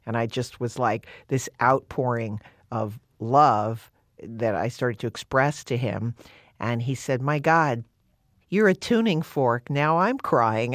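A woman guest in an interview, telling a story in an animated, chatty way with lots of "you know" and "like". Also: extremely low pitch, no echo, clean studio sound. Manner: animated and chatty, with many fillers. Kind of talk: casual storytelling.

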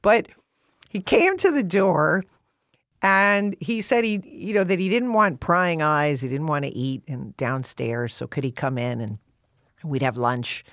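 A woman guest in an interview, telling a story in an animated, chatty way with lots of "you know" and "like". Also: deep voice, a little slow, no room sound, studio quality. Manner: animated and chatty, with many fillers. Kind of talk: casual storytelling.

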